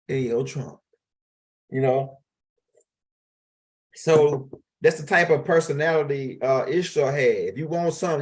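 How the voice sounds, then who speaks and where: Middle-aged male teacher, casual and rambling, plain mid-range voice, lots of restarts. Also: medium pitch. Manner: rambling and street-casual, with frequent restarts and asides. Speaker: teacher of an esoteric class. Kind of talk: loose, casual lecture.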